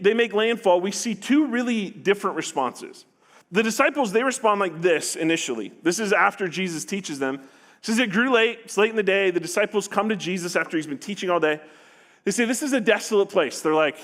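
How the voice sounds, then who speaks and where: A man's voice: high-pitched, expressive, a little fast, a bit bright. A man preaching a sermon, earnest, often restarting phrases and acting out what people say. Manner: earnest, with repeated restarts and acted-out paraphrases. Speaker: pastor.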